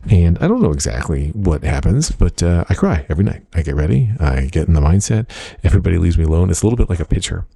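A man's voice: sits low, very animated, quick pace, creaky, hardly any pauses, mellow, breathy edge, no room sound. A middle-aged man hosting a casual solo diary podcast from his home office, rambling in a wry, self-mocking way with plenty of uh fillers. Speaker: podcast host.

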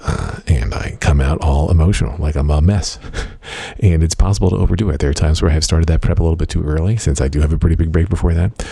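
A middle-aged man with a very low, gravelly voice rambles through a casual podcast diary from his home office. His tone is dark and a little husky, and he stays wry and self-mocking throughout, leaning on uh fillers as he goes. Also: fast, no room sound. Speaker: podcast host.

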